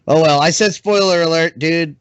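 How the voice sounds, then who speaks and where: High-voiced excitable male podcast host. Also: moderate pace, clear, resonant tone, no room sound, dull audio. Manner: excitable, laughing often. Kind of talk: casual chat.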